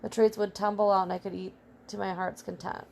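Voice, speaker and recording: A woman's voice: mid-range voice, brisk, vocal fry, a little hiss or hum, lightly acted. A woman reading as a small brave male pet hamster, telling his adventure in first person. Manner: earnest, excitable first-person storytelling.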